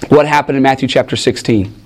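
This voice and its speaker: A man preaching a Bible study in an animated, joking way, asking his listeners questions. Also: medium pitch, quick pace. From United States. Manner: animated, jokey asides, asks the room questions. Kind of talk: teaching sermon with audience questions.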